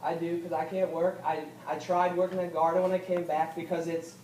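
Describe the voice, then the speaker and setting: A young man giving a halting, earnest personal speech as a veteran at a political event, repeating himself and rising when upset. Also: fairly high pitch, little pitch movement, mellow. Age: young adult. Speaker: veteran speaker. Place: event hall. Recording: echoey hall from far off, faint noise.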